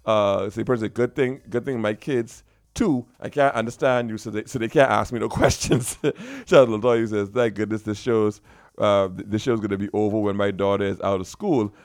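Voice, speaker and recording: A man's voice: on the low side, a little fast. A man hosting a radio show in casual, playful banter, laughing often and slipping into local dialect. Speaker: radio host. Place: radio studio.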